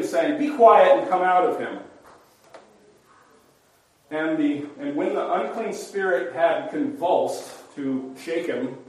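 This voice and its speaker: A man's voice: a little mellow, far from the mic. A man leading an informal Bible study, explaining passages in a conversational way and acting out the quoted voices. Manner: conversational, acts out the quoted voices with rising pitch. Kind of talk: informal Bible class teaching. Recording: roomy hall recorded from afar.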